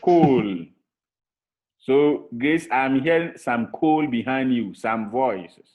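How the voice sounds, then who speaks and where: Slow, patient male teacher on a tinny line. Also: medium pitch, expressive. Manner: slow, patient, repeats each word for drilling. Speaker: Hebrew teacher. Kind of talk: online language lesson. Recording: tinny phone-like call audio.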